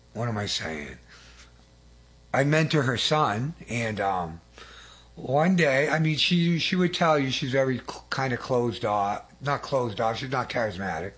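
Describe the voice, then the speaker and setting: A man's voice: mid-range voice, husky. A man giving an earnest, rambling testimony sermon, often restarting and adding asides. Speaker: lay preacher.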